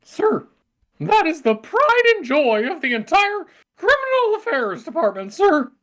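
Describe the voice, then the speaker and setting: A woman's voice: extremely high pitch, very animated, measured pace, a little hiss or hum, heavily acted. A woman voicing an eager young male police officer who keeps saying sir, game music playing behind.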